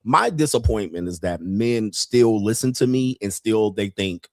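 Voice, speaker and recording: A man's voice: lowish voice, animated, normal speed, few pauses, no echo. Blunt profane man ranting, dry sound. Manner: blunt, heavy swearing, laughs often. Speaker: podcast host. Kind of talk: profane livestream rant.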